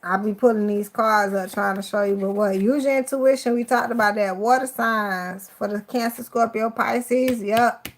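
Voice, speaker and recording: A woman's voice: mid-range voice, fairly even intonation, normal speed. Emotional woman tarot reader. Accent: Miami. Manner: affectionate, emotional, swears casually. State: teary-eyed. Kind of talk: live tarot reading.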